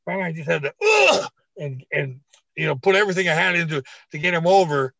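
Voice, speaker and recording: A middle-aged man, a retired wrestler, telling a story in a blunt, profane, animated way on an interview podcast. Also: fairly high pitch, fast, gravelly, no room sound. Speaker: retired pro wrestler guest. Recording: dull, dry lo-fi recording.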